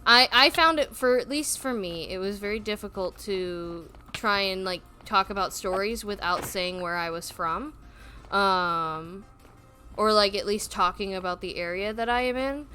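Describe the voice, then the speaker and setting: A woman from South Carolina with a Southern US accent streams from home, chatting casually and hesitantly and now and then reading chat messages aloud. Her mid-range voice is a little slow, pushed and bright, with faint music in the background.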